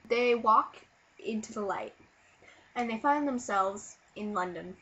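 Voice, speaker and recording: A woman vlogger who is sick and low on energy, casually telling a silly made-up story to camera in an animated way, with sudden loud bursts. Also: moderate pace, lo-fi sound, slight background noise.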